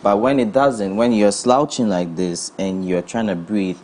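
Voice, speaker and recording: A young Ghanaian man with a thick Ghanaian accent, a physiotherapist guest, explaining calmly and in a measured way. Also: on the low side, slight background noise. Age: young adult. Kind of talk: studio interview.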